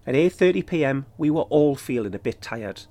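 Male podcast host reading a first-person account, even and matter-of-fact, mid voice. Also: mid-range voice, a little fast. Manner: steady, matter-of-fact storytelling. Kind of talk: scripted first-person narration.

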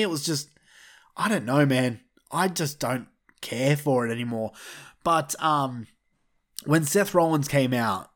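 A man ranting bluntly and with heavy profanity as he gives his opinions in a vlog. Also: on the high side. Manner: blunt, heavily profane, fired up. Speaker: wrestling commentator vlogger. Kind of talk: opinionated rant.

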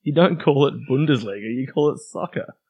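A man's voice: medium pitch, expressive, a little fast, husky, lo-fi sound. An Australian man in his thirties, co-hosting a casual chat and telling wry, self-deprecating stories. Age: 30s. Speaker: podcast co-host.

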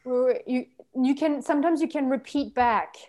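A woman's voice: high-pitched, moderate pace, mellow. A woman trainer coaching a practice session, giving directive, encouraging step-by-step instructions. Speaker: anger workshop trainer.

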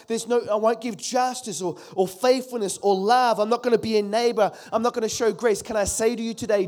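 A man's voice: very high-pitched, a little mellow. A man in his forties preaching a sermon as pastor, emphatic, repeating key phrases and calling on the congregation to respond.

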